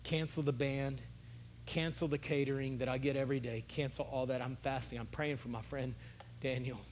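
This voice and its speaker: A preacher voicing a hushed, remorseful ancient king. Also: steady tone, moderate pace, a little hiss or hum, close to an everyday voice. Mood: hushed worry. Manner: hushed, subdued, speaking low and quiet.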